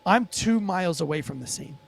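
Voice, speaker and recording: Animated high-voiced man telling a story. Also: a little fast, gravelly, a little hiss or hum. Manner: animated, profane storytelling with many "like"s. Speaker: former police officer and podcast guest. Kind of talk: storytelling in a casual podcast interview.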